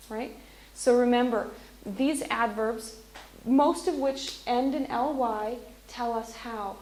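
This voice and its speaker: Slow, clear woman teaching in class. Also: on the high side, a little mellow. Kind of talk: classroom English lesson. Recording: echoey classroom with faint noise.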